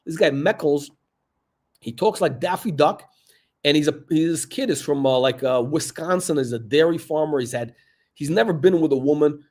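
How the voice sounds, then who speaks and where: Mocking, rambling watch-channel host. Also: male voice, on the high side, normal speed, a little mellow. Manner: mocking, rambling, many fillers. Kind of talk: mocking commentary rant.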